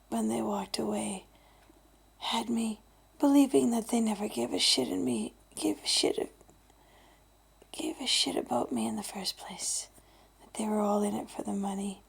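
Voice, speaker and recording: A woman of fifty talking candidly in a vlog, blunt and swearing, dropping to a hushed breathy voice and then getting loud. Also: on the high side. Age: 50s. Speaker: vlogger.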